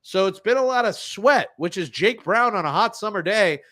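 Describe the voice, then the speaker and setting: A man hosting a sports podcast, talking casually with jokey, animated asides. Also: sits high, normal speed. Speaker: podcast host.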